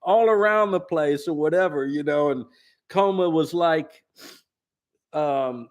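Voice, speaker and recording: A man's voice: on the high side, slow. A man, a singer-songwriter host telling rambling, laid-back stories in his living room and putting on friends' voices. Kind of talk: casual storytelling chat.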